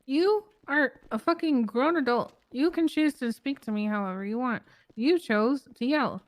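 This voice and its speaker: A woman's voice: a little high, expressive, fast talker, lightly acted, rough recording. A woman voicing a fed-up young woman in an improvised game roleplay, giving short, firm replies and refusing to keep arguing. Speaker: roleplay character.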